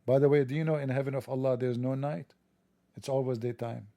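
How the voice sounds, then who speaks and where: A man with a gravelly, dark voice delivers a sarcastic monologue, heavy on mockery and rambling asides. The sound is dry and close. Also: medium pitch, fairly even intonation, fairly quick, no echo. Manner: mocking, joking, rambling asides. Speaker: religion commentator.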